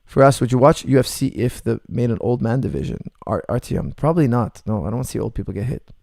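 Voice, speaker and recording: Male coach hosting a chat Q&A; gravelly voice, blunt and joking, dry close sound. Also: mid-range voice, fast talker, warm tone, no echo. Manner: blunt, joking, laughs often. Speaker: martial arts coach hosting a Q&A. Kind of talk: casual livestream Q&A, reading chat messages.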